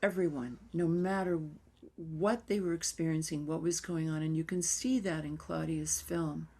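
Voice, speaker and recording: An older woman dance therapist telling stories in an interview in a reflective, unhurried way, sometimes dropping to a near whisper. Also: low-pitched, fairly even intonation, dark tone, slightly rough.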